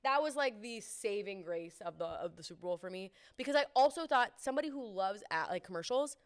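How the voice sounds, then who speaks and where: A young woman from Canada co-hosting a sports podcast in casual chat, talking quickly with lots of asides. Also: mid-range voice, lively intonation, clean tone. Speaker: podcast co-host.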